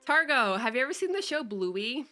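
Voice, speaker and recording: A woman's voice: high-pitched, sing-song, moderate pace, pushed and bright, faint music behind. A young woman streamer chatting casually with her viewers, greeting them and cursing offhandedly. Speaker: VTuber streamer. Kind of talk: casual livestream chat.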